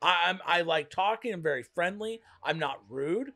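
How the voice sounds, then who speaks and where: A talkative man with a high, light voice co-hosts a casual reaction chat. He talks quickly and gets worked up, tumbling from one point to the next. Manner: fast, chatty, excitable. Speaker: co-host.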